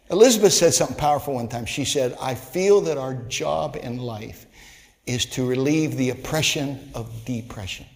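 A man, a pastor, telling a folksy story in a sermon, growing animated and loud at its climax. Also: mid-range voice, big-room sound. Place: church sanctuary.

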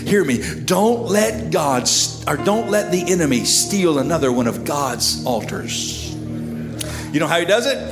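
A fervent male preacher with a high-pitched voice leads an altar call, swinging from hushed prayer to loud, shouted praise. Church musicians play steadily beneath him. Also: sing-song, measured pace, over music. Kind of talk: impassioned altar-call sermon. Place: church service. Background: musicians playing.

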